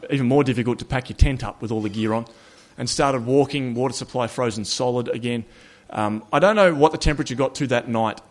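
Man telling a wry walking story. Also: medium pitch. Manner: conversational, relaxed, with wry humor and self-corrections. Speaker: speaker recounting a long walk. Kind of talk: casual personal storytelling.

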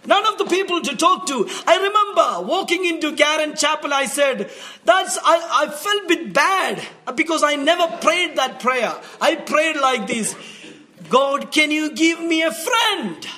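A man from India with an Indian accent, telling an earnest, emotional faith testimony as a missionary brother, often laughing, then dropping soft and low. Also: lively intonation, moderate pace.

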